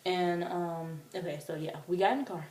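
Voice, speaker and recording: A young woman telling a story to camera in a casual, animated way, acting out quotes in squealing voices. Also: lowish voice, normal speed, far from the mic. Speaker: vlogger. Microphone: camera mic from a distance. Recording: roomy, off-mic, faint hiss.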